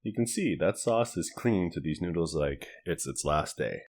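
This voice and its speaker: Chatty low-voiced man reviewing food. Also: moderate pace. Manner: relaxed, chatty, thinks aloud while cooking and tasting. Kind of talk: casual food review to camera.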